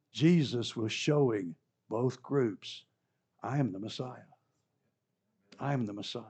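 A man preaching a sermon, retelling a scene vividly and swinging from hushed to loud. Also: medium pitch, slightly rough. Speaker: pastor. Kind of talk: sermon storytelling.

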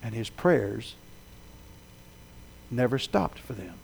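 A man preaching a sermon, telling a story with dramatic swells that rise loud and then sink low. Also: sing-song, takes it slowly, gravelly, a little hiss or hum. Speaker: pastor.

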